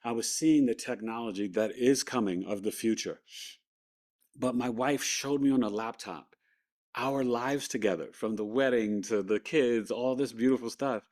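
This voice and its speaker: A man recounts a harrowing personal experience in an unscripted, conversational way. He slips into the voices of the people he quotes, sounds animated at times, and speaks at an ordinary mid pitch. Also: normal speed. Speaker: guest recounting a near-death experience. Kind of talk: personal storytelling.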